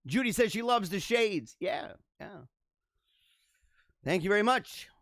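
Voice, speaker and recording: Animated young man chatting with viewers. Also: high-pitched, unhurried, no echo, clean studio sound. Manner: animated, laughing, rambling asides. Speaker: show host reading viewer comments. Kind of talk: casual livestream chat.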